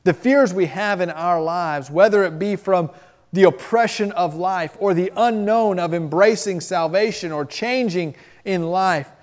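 A man's voice: high-pitched, a little slow. Man preaching a dynamic sermon. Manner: emphatic, swings between loud and soft. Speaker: pastor.

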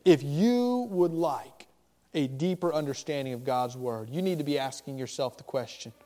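A pastor preaching a sermon, with animated, emphatic delivery and rising questions. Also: male voice, a little high, normal speed, in a large hall.

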